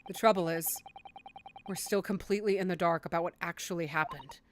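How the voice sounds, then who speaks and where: A woman voicing an earnest young male lawyer in a lowered, sober voice, with faint game music behind. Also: fairly quick, a little hiss or hum, close to an everyday voice. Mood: subdued. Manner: low, subdued, sober reading.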